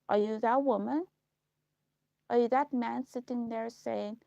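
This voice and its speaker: A woman speaking a halting, repetitive personal monologue on a live stream, slow and heavy in delivery. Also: on the high side, gravelly, warm tone, no echo, highs cut off. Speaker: livestream host.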